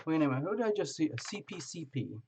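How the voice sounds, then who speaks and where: A man's voice: on the high side, very animated, fast, a little mellow, a little hiss or hum. A man hosting a live tarot stream, chatting casually, greeting viewers by name and laughing often.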